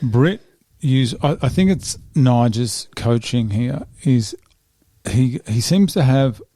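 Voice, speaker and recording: A man's voice: mid-range voice, animated, slow, warm tone, dry recording, studio quality. A man hosting a podcast, joking and rambling in casual chat, often breaking off mid-sentence. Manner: joking, rambling, self-interrupting. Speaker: podcast host.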